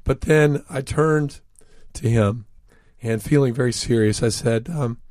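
A man telling stories as a guest in an interview, earnest and full of fillers, slowing down for emphasis. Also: medium pitch, a little mellow, dry recording, clean studio sound. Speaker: author and guest. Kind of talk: storytelling in an interview. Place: studio.

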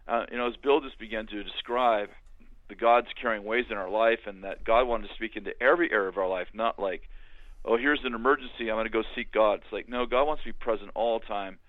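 An older man telling his story in a halting, conversational way, with many restarts, as a guest on a remote call. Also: on the low side, steady tone, no echo. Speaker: guest, author and minister. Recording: tinny phone-like line.

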